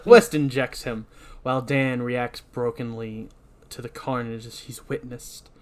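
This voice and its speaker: A man hosting a podcast recaps a horror movie in a slow, medium-pitched voice. His telling is rambling and self-deprecating, and now and then he bursts into shouted line readings.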